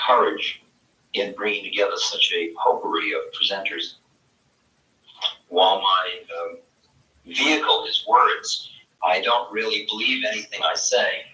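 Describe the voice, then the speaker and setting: A man giving a live spiritual talk in a conference hall, animated and playful, swinging between loud bursts and soft whispers. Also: low-pitched. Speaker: spiritual teacher. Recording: echoey hall, mic far off.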